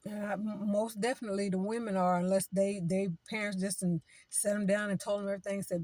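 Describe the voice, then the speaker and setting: Casting note: woman, mid pitch, chatty informal preacher, repeats herself, no room echo. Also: level tone, a little fast, hardly any pauses, darkish tone. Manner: conversational, repeats phrases, acts out quoted people. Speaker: vlogger giving spiritual advice.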